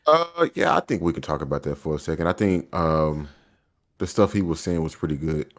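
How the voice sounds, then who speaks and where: A man co-hosting a gaming podcast, reading a news article aloud in a steady, measured way. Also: extremely low pitch. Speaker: podcast co-host.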